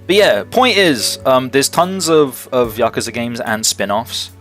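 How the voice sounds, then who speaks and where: A man's voice: medium pitch, animated, a little slow, a bit bright, soft background music. A young man streaming live, chatting casually with viewers in a rambling, enthusiastic way and swearing freely. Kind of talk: casual livestream chat answering viewers.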